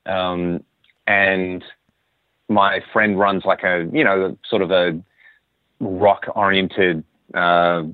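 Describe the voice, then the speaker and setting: A man's voice: deep voice, level tone, extremely slow, long pauses, no echo. Australian man on a tinny phone line. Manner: rambling storyteller, frequent restarts. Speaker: guest musician. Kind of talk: casual interview chat.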